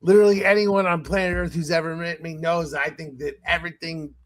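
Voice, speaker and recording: A man's voice: fairly high pitch, fairly even intonation, brisk. A man hosting a podcast, ranting in casual chat with profanity and laughing asides. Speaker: podcast host.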